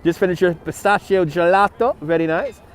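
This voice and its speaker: A man from Brooklyn, New York livestreams outdoors by a city river on a phone on a gimbal, casually reading out viewers' messages and thanking donors. His voice sits high yet steady, clear and resonant, at a normal speed.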